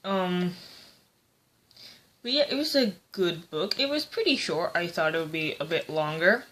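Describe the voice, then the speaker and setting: A woman's voice: on the low side, lively intonation, a little slow, fairly bright tone. A woman giving a casual, rambling book review, hesitant and full of fillers.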